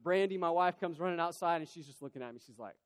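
A man delivers a sermon in a large church hall, telling a story in a lively, conversational manner. His voice sits a little high for a man. The sound carries a long reverb from the hall. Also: quick pace. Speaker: pastor.

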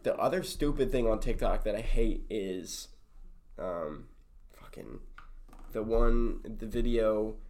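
A man's voice: on the low side, takes it slowly, a little mellow. Rambling young man, casual chat. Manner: rambling, full of fillers and restarts.

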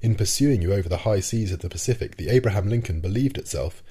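A composed, courteous professor, as the narrator voices him in an audiobook. His voice is deep and dark with a husky grain. He reasons carefully and calmly. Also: fast. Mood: earnest.

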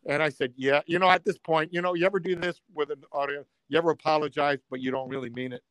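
一个讲故事很生动的男人，声音偏高. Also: male voice, a little high, fast, dry recording. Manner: animated storyteller, acts out quotes, builds to loud punchlines. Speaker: comedian guest. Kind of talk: storytelling in casual chat.

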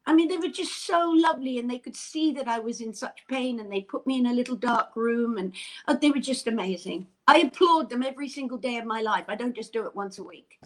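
An older woman talks as an interview guest, gushing and animated. Her voice sits a little high, and she speaks in a bubbly, effusive rush. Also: fairly quick. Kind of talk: casual chat.

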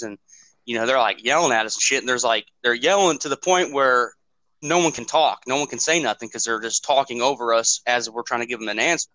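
A quick, bright-voiced man telling a story on a podcast, swearing freely and rambling as he acts out the other people's lines. His voice is dry and close, with no room around it. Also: mid-range voice, no room sound, poor audio. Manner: profane, rambling, acts out quotes. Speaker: podcast co-host. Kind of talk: casual storytelling.

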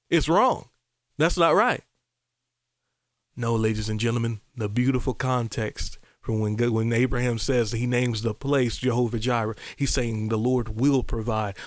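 A man preaching a podcast sermon, animated, with loud exclamations, soft asides and repeated calls to his listeners. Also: medium pitch, no echo, clean studio sound.

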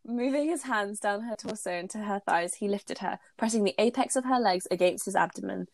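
A woman's voice: mid-range voice, a little fast, creaky, no echo. A woman co-host reading romantic fan fiction aloud, with giggly, embarrassed asides.

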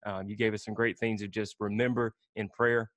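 A man hosting a casual church interview, asking rapid-fire questions with a joking manner and frequent laughs. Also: fairly low pitch, level tone, a bit bright, no room sound, highs cut off. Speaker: church podcast host.

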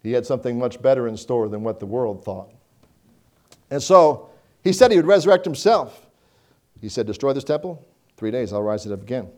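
A man preaching a sermon, quoting scripture and swinging between loud emphasis and hushed, slowed delivery. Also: medium pitch.

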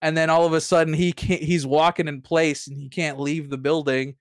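Man, tabletop player recap, rambling, profane, smooth clear voice, dry close sound. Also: a little high, level tone, normal speed, no room sound. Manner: rambling, profane, laughing, with many restarts. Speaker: player recapping last session. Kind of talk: casual recap of a tabletop game session.

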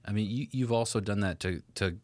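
A man's voice: on the low side, fairly quick, darkish tone, no echo. A laid-back young man chatting as a podcast co-host, who laughs often and trails off mid-thought. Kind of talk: casual chat.

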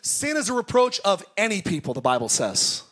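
A male pastor preaching a sermon at a church service, telling stories and breaking into shouted exclamations. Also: high-pitched, wildly swooping pitch, brisk. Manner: storytelling, bursts into shouted exclamations.

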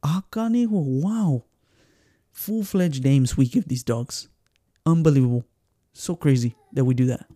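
A man with a Mexican accent, hosting a podcast in casual chat and telling stories with lively acted-out quotes and Spanish phrases. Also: medium pitch, a little slow, no echo, studio quality. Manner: animated storyteller who acts out quotes and slips into Spanish phrases. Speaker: podcast host.

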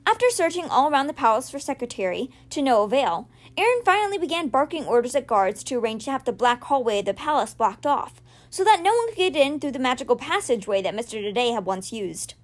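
A woman hosting a podcast, reading a children's novel aloud with expressive storytelling. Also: high voice. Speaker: podcast reader.

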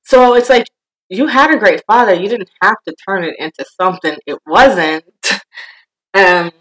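A woman co-hosting a casual podcast chat, animated and acting out quotes with bursts of laughter. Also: medium pitch, moderate pace, poor audio. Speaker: podcast co-host.

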